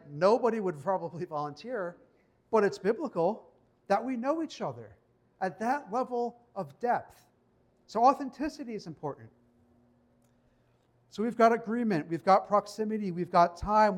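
A male pastor giving a conversational sermon in church, slowing down to read scripture. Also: high voice, lively intonation. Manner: conversational preaching, reads scripture slowly.

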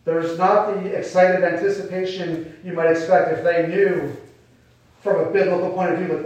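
A man's voice: sits high, little pitch movement, normal speed, darkish tone, a little hiss or hum. A man preaching a sermon in a conversational way, acting out quoted voices. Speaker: pastor. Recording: echoey hall, mic far off.

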